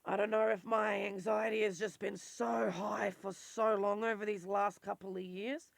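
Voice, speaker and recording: A woman's voice: medium pitch, steady tone, moderate pace, vocal fry, no room sound. A woman talking in a raw, emotional confessional vlog and swearing freely. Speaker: vlogger.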